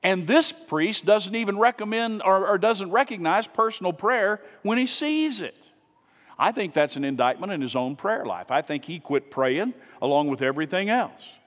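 A man's voice: high-pitched, expressive, moderate pace, fairly bright tone, in a large hall. A man pastor preaching a sermon in a casual, conversational way, asking rhetorical questions and dropping asides to his congregation. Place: church sanctuary.

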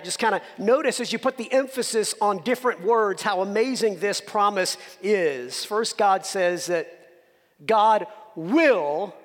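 A man's voice: high voice, fairly bright tone, in a large hall. A man preaching a sermon as pastor, earnestly stressing key words and asking rhetorical questions of the congregation. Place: church sanctuary.

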